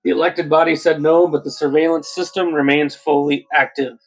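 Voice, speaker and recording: Podcast host, man, slightly high voice, relaxed read-aloud with jokey asides. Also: brisk, poor audio. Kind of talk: casual podcast talk, reading news aloud.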